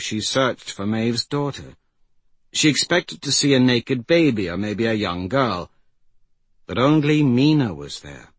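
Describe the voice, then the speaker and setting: A man narrating a fantasy story in a measured, grave manner. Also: on the low side, breathy edge, no room sound. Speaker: audiobook narrator.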